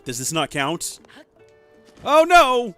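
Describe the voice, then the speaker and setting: A man's voice: high-pitched, wildly swooping pitch, slow pace, bright, forceful tone, soft background music. Chatty male game streamer. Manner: chatty, rambling. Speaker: let's play streamer. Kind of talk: casual gameplay commentary.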